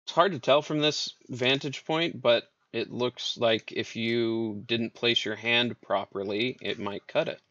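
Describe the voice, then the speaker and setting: A man narrating as dungeon master, describing scenes with many fillers and pauses. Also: medium pitch, fairly even intonation, a bit bright, dry recording, lo-fi sound. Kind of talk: narrating a tabletop game.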